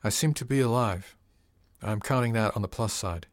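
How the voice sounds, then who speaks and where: A man voicing a weak, feverish old woman who talks in short, halting phrases in an audiobook. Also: on the low side, no room sound, clean studio sound, close to an everyday voice. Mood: weak, wry. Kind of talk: audiobook character reading.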